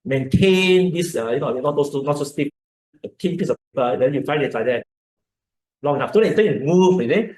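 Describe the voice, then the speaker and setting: A man's voice: mid-range voice, brisk, a little mellow. A man with a Malaysian English accent giving an informal health lecture, explaining and repeating words as he demonstrates breathing. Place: lecture hall. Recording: echoey lecture room.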